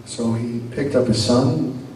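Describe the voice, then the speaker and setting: A rabbi telling a teaching story in an animated way, with a few Yiddish words mixed in. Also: male voice, mid-range voice, takes it slowly. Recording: very echoey room, distant mic, noisy.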